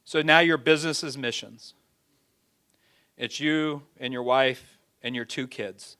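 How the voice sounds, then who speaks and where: Brief: male preacher, sermon delivery, folksy talk, mid-pitched voice, builds loud then drops to a hush. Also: steady tone, unhurried, clean tone. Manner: dramatic, swings from loud pleading to hushed; folksy everyday phrasing.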